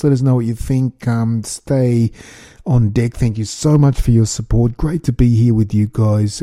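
Halting, ranting man with a dark voice. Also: medium pitch, no echo, clean studio sound. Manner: halting, many ums and restarts, ranting. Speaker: podcast host. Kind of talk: solo podcast commentary.

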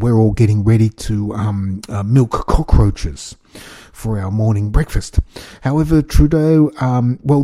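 A man's voice: on the low side, warm tone, dry recording, clean studio sound. A man hosting a solo podcast, rambling and ranting with many ums and restarts. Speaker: podcast host.

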